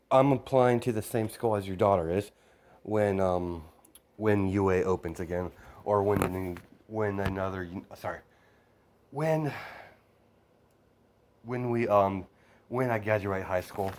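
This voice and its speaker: Shy, polite teen boy in a spoken fan story, read by a man in his own lowish voice. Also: takes it slowly, pauses often, a little mellow. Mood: nervous. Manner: hesitant, stumbling restarts.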